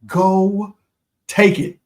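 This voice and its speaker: A man hosts a motivational live stream in a fairly high voice. He preaches with fire, hammering phrases over and over. His talk is loose and slangy, aimed straight at his viewers. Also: monotone, very slow. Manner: impassioned and preachy, repeats phrases for emphasis.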